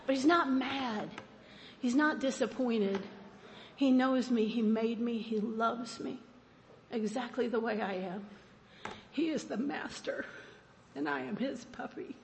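A woman speaking at a recovery meeting who tells a personal story in an animated, self-mocking way and laughs often. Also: fairly high pitch, a little slow, gravelly, big-room sound, a little hiss or hum.

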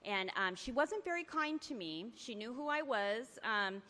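Bright-voiced woman sharing her story. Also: on the high side, expressive, measured pace. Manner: earnest storytelling that acts out remembered talk. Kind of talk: personal testimony to a recovery meeting. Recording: long hall reverb.

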